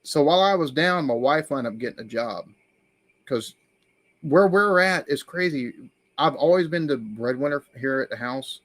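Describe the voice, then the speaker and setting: A man, hosting a casual live-stream chat, telling stories with animated quoted voices. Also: fairly high pitch, normal speed, no echo. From United States. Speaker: host.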